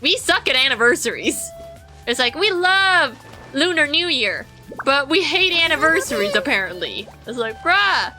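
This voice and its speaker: A woman's voice: high voice, sing-song, normal speed, sharp tone, soft background music, low-quality recording. A woman streamer giving casual gameplay commentary, rambling through explanations to her chat.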